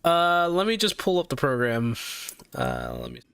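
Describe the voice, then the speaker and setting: A man's voice: fairly high pitch, huge pitch swings, moderate pace, vocal fry, a bit bright, clean tone, no room sound. A man streaming live, chatting casually and animatedly with his viewers, laughing often and tripping over his words.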